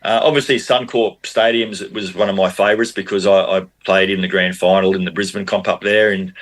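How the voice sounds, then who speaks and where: Low-voiced Australian man telling yarns. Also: fairly quick. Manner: animated anecdotes, frequent restarts. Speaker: podcast guest, former rugby league player. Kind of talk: casual storytelling.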